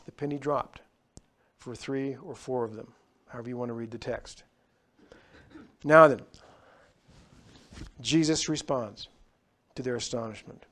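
A man preaching a sermon, swinging between loud, raised passages and quiet, lowered ones. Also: unhurried, pauses often. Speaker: pastor.

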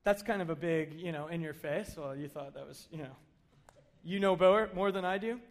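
A middle-aged man preaching a conversational sermon, telling stories with animated asides. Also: a little high, normal speed. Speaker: pastor.

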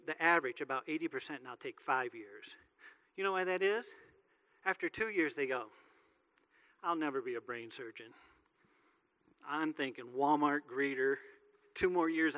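A man gives a sermon as pastor. His voice sits a little high and sounds bright and forceful, and his delivery is loose, joking and conversational. A long reverb from a large hall trails after his words.

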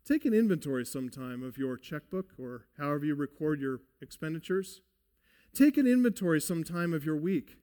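A man's voice: a little high, animated, fairly quick, mellow, big-room sound. A man preaching a sermon as pastor, earnest and emphatic, asking his listeners pointed questions.

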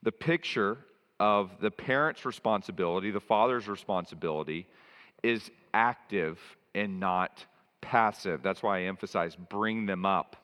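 A man with a low voice preaches a sermon, stressing and repeating his key phrases. His voice rings out in a church hall with a long reverb trailing behind each line. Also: normal speed, fairly bright tone. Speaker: pastor.

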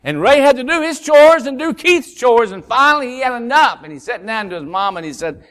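A man's voice: very high voice, fairly quick, few pauses. A man preaching a sermon and telling a humorous story, acting out the voices of the people in it. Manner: folksy storyteller, acts out voices, lively. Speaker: pastor.

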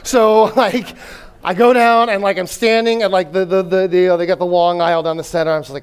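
A man giving a sermon-style talk, telling a personal story in an animated way, with fillers and acted self-talk. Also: sits high, fairly quick, clear, resonant tone. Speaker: speaker at a church.

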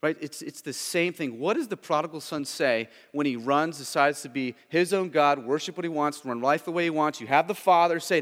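A male pastor delivering a sermon to his congregation, his slightly high voice ringing with a long reverb. He pushes hard and loud on key points, then drops into low, hushed intensity, punctuating with "right?". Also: brisk, hardly any pauses. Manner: swings between loud urgent emphasis and hushed low intensity; frequent "right?" check-ins with the congregation.

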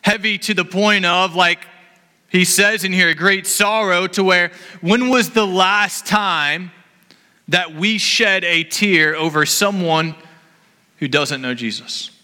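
A man's voice: high voice, slow, pushed and bright, clean tone, in a large hall. A man in his thirties preaching a sermon in an earnest, impassioned way. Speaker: pastor. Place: church hall.

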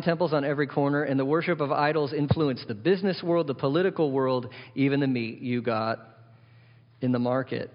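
Pastor preaching in an echoey hall. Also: male voice, mid-range voice. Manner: conversational, rhetorical questions, emphatic repetition. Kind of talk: sermon. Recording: echoey hall, slightly dull sound.

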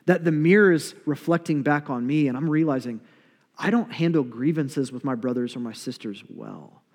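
A man preaching a sermon as a pastor, conversational and animated, with playful asides. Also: fairly high pitch, normal speed. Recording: long reverb of a large hall.

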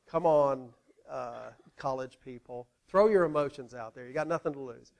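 A male pastor preaching in an animated, conversational way, playfully involving the congregation. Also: mid-range voice, normal speed, gravelly. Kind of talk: sermon.

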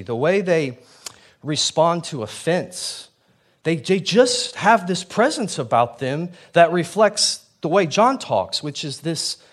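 This pastor delivers his sermon in a conversational, animated style, frequently restarting sentences and stepping aside to explain things. His voice is fairly high in pitch.

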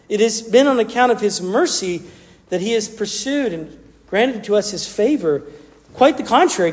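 A male pastor giving a sermon in an animated way, often repeating words and restarting phrases. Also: sits high. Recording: long reverb from a large hall.

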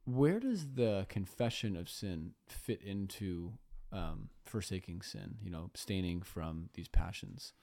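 A man's voice: deep voice, lively intonation, measured pace, vocal fry, few pauses, warm tone. A man co-hosting a casual Bible discussion podcast, thoughtfully raising questions and quoting scripture. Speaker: podcast co-host.

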